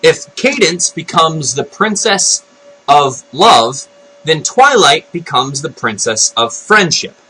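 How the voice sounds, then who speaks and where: A man giving an unscripted, excitable rant about a cartoon episode, retelling it with loud exclamations. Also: on the high side, slow, slightly rough, rough recording. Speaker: video blogger. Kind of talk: unscripted ranting commentary.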